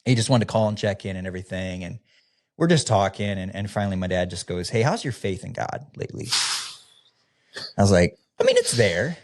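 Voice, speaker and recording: A man with a deep, low voice tells his own story on a podcast. He is a former youth pastor from the American Midwest. He speaks in a loose, candid way, with plenty of fillers, and he acts out the dialogue he is remembering. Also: fast talker. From Midwestern United States. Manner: casual, relaxed, with frequent fillers, often acting out quoted dialogue.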